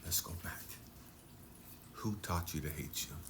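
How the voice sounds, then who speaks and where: A man speaking as a life coach in an intense motivational talk, dropping to hushed near-whispers and then surging for emphasis. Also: very deep voice, measured pace, background noise.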